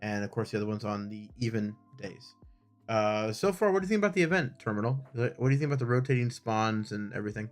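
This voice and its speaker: A man's voice: lowish voice, lively intonation, fast talker, soft background music. A man co-hosting a casual game news chat in an upbeat way, reading through lists of events. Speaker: co-host.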